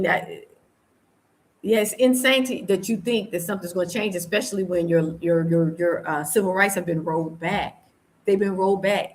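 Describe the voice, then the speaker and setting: A woman from the United States talking in an impassioned vlog monologue, fervent and preachy, repeating her points for emphasis. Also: medium pitch. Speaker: vlogger.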